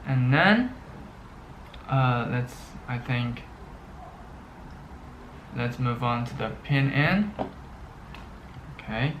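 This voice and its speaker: Very slow, halting male teacher. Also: medium pitch, expressive, highs cut off, a little hiss or hum. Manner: slow and halting, with many pauses and fillers; checks in often with "okay". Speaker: Chinese language teacher. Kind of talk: unscripted language lesson.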